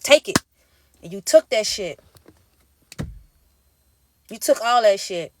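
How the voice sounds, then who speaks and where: A woman's voice: medium pitch, expressive, slow pace, darkish tone. A woman giving a tarot reading as an emphatic, profane pep talk in casual street slang. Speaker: tarot reader. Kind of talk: intuitive tarot reading monologue.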